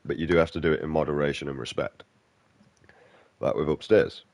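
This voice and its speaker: A man's voice: very deep voice, brisk, vocal fry, no echo. A man giving casual gameplay commentary, ranting bluntly and swearing a lot. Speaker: game streamer.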